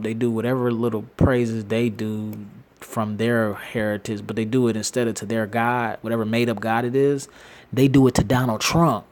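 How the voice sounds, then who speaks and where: Man, casual rambling rant with frequent laughs and restarts, slangy, recorded on a phone. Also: mid-range voice. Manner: animated, slangy, laughs often, restarts sentences. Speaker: commentator. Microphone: phone screen-recorder app.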